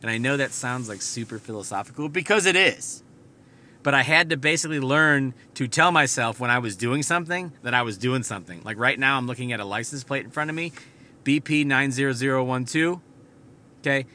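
A man's voice: mid-range voice, a little fast, sharp tone. A man hosting a podcast, telling a rambling, profane story from inside his car. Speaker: podcast host. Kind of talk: casual storytelling monologue.

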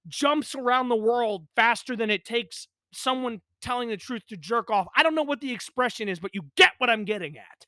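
Profane ranting man, high voice. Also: animated, moderate pace, few pauses, pushed and bright, no room sound, studio quality. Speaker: podcast host. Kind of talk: ranting solo podcast. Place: pump house in the countryside.

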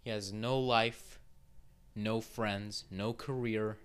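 A man's voice: fairly low pitch, steady tone, slow pace, a bit bright, smooth. A young man hosting a solo podcast, rambling casually with lots of swearing and filler words. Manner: rambling and profane, full of fillers. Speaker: podcast host.

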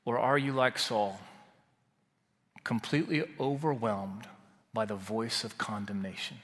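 A male pastor delivers a sermon at a very slow, deliberate pace. He builds to fervent swells and then drops to hushed, quiet phrases. His voice carries a long reverb, as if spoken in a large hall. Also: mid-range voice, fairly even intonation.

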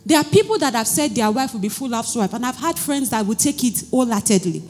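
A woman's voice: a little high, fast talker. A woman pastor in her thirties with a Nigerian accent, preaching a sermon, telling stories and often asking the congregation whether they understand. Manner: storytelling, animated, asks the audience questions. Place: church hall. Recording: church hall reverb, faint music.

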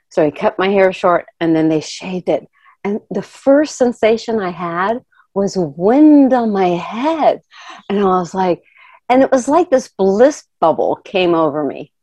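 Middle-aged woman, lowish voice, dry close sound, animated personal storyteller who laughs often and acts out the people she quotes. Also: no echo.

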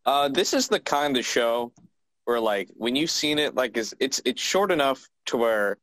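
A man with a mid-pitched voice talks reflectively in casual podcast chat, pausing and restarting as he thinks. The sound is close and dry. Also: animated, a bit bright, no echo, rough recording. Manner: reflective, halting. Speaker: podcast co-host.

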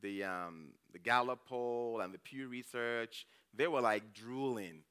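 A man gives a conversational sermon as a church elder. His voice is bright and smooth. He tells personal stories, acts out his own reactions, and keeps checking in with the congregation. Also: mid-range voice, slow. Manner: storytelling, frequent "okay?" checks with the congregation.

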